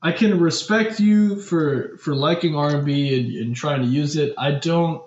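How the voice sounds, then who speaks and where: Young guy cohosting a podcast, kinda high voice, rants a lot, roomy echo, muffled mic. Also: a little slow. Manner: animated, exasperated, trailing fillers. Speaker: podcast co-host. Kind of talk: casual music news chat. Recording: echoey room, dull lo-fi mic.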